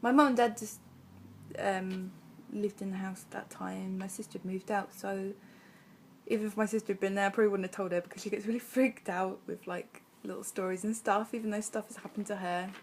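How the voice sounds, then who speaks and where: A woman's voice: medium pitch, steady tone, brisk, a little hiss or hum. A young adult woman vlogger telling a personal story in a chatty, rambling way, full of fillers. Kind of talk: casual storytelling.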